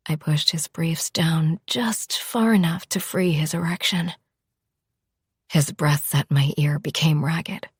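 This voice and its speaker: A woman narrating a first-person audiobook in a soft, often whispered, unhurried delivery. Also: sits low, fairly even intonation, husky, dry recording, studio quality.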